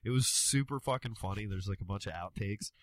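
A man's voice: on the low side, fairly quick, a bit bright, dry recording. A man co-hosting a casual podcast, joking and swearing freely, often slipping into put-on voices. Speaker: podcast co-host. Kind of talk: casual chat.

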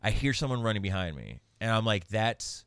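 A man's voice: on the low side, fairly quick, smooth, no echo, studio quality. A man who is a comedian, a guest telling a story casually and animatedly, swearing and acting out the people in it. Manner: animated storyteller, swears, restarts, acts out others.

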